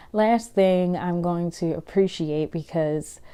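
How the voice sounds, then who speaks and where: A woman hosts her own podcast, talking through her day in a loose, conversational way. Her voice sits low and sounds mellow and warm. She laughs often between her thoughts. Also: slow, clean tone. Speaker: podcast host. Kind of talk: casual solo podcast monologue.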